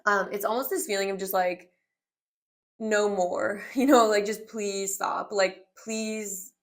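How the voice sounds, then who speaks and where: A woman's voice: mid-range voice, steady tone, takes it slowly. A young woman in her twenties talks through a tarot spread. Her delivery is loose and rambling, full of "like" and "um", and heartfelt. She sounds like someone chatting to viewers. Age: 20s. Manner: rambling and heartfelt, many filler "like"s. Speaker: tarot reader. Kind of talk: casual spoken tarot reading.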